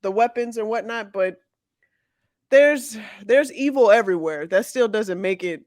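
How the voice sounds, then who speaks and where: A woman co-hosting a podcast in casual chat, talking slowly and haltingly with many restarts. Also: on the high side, a little mellow, dry recording, clean studio sound. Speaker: podcast co-host.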